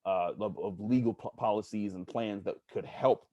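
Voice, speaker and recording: A man from Pittsburgh, a sports journalist, talking earnestly as a podcast guest, halting and searching for words. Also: fairly low pitch, darkish tone, no echo, highs cut off. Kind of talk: casual interview storytelling.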